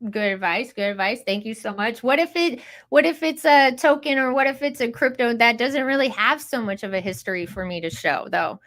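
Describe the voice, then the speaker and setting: Brief: woman host, high voice, hyped, exclamatory, chatty, over an online call. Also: animated, a little fast, few pauses, fairly bright tone. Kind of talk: casual live audio room hosting.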